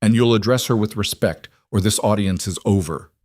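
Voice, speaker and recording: A man's voice: lowish voice, moderate pace, darkish tone, no room sound, clean studio sound, natural voice. A man reading a storybook aloud, voicing a stern, protective king who speaks in a hard, commanding way. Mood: dangerous, low.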